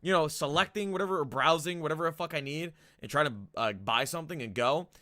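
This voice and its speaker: A man co-hosting a podcast in casual chat, talking haltingly with many restarts and casual swearing. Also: fairly high pitch, sharp tone, no room sound, clean studio sound. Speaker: podcast co-host.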